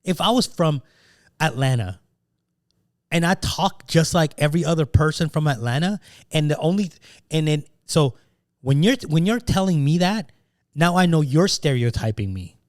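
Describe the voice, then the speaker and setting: A man's voice: fairly high pitch, expressive, normal speed, no room sound, clean studio sound. A man co-hosting a casual podcast chat, talking emphatically with plenty of swearing and restarts. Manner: emphatic, swears freely, repeats words when starting sentences. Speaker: podcast co-host.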